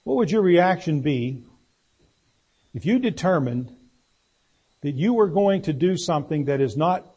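A preacher delivering a sermon in a plain, folksy manner, often turning to the congregation with questions. His voice sits fairly high for a man and has a husky, breathy edge. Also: lively intonation, a little slow, mellow, lo-fi sound.

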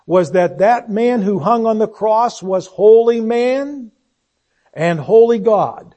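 A man's voice: extremely high pitch, darkish tone. A man preaching a sermon, earnest and searching, posing one rhetorical question after another and letting his voice sink on solemn phrases.

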